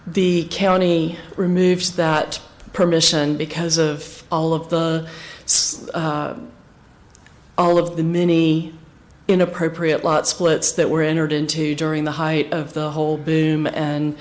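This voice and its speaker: A woman whose voice is hoarse and worn thin speaks at a public planning hearing. She lays out procedure step by step in a precise, businesslike tone, like a representative used to testifying. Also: deep voice, flat delivery, slow pace, darkish tone. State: hoarse, losing her voice. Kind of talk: formal testimony at a planning meeting.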